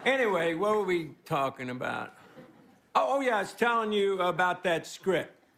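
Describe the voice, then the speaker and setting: A man's voice: high-pitched, expressive, moderate pace. A man giving a rambling, self-deprecating stand-up monologue as guest host on a live TV studio stage. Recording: live studio audience with crowd noise. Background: laughing studio audience.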